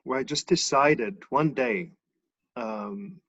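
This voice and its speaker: A man telling a personal story in a relaxed, chuckling way, heard over a muffled video call. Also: mid-range voice, takes it slowly, creaky. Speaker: guest author. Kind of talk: casual storytelling.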